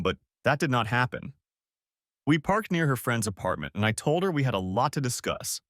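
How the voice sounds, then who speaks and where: Lively male audiobook narrator. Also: on the low side, no room sound, clean studio sound. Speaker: story narrator. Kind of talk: first-person audiobook narration.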